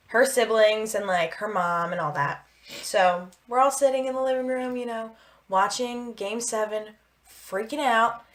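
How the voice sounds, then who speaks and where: A young woman from the Philadelphia area co-hosts a loose, chatty podcast. She rambles through her stories with lots of "like" fillers, in a middle-pitched voice. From Philadelphia area, USA. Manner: rambling, animated storyteller with heavy "like" fillers. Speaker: podcast co-host. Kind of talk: casual chat.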